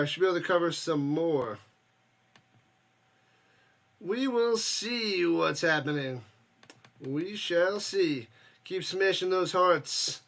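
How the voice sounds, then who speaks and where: A man's voice: on the high side, a bit bright. A man hosting a live watch party stream, chatting with viewers and calling plays in a loose, joking way. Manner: loose, jokey, reads chat, bursts up for plays. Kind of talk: casual play-by-play with chat.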